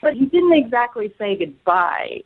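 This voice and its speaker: Woman calling in to the radio, high bouncy voice, earnest and hedgy, bit muffled phone sound. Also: big pitch swings, moderate pace. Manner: earnest, hedging with "like" and "I mean". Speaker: caller. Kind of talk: casual phone conversation. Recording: slightly dull phone line.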